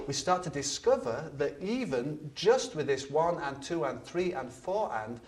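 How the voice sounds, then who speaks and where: A man teaching ukulele in an instructional video, speaking patiently and repeating his words now and then. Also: fairly high pitch. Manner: patient, counts beats aloud while strumming, repeats words. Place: studio. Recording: from a distance, with ukulele strumming.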